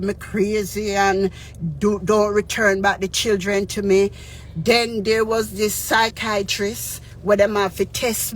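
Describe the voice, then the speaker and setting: A woman with a Jamaican accent tells a personal story in a mid-pitched voice. She is earnest and heartfelt, slips between Patois and English, and keeps checking in with her listeners. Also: slight background noise. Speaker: radio DJ and spiritual advisor.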